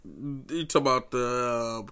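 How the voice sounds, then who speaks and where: Bright-voiced young man in laid-back banter. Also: medium pitch, clean tone. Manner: laid-back slangy banter, quick to laugh. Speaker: podcast co-host. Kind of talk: casual chat.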